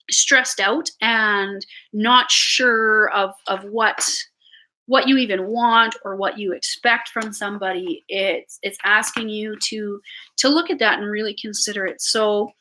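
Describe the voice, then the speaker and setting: A Canadian woman doing a live tarot reading, chatty and halting, often repeating her words as she talks to viewers. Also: on the high side, pushed and bright. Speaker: tarot reader.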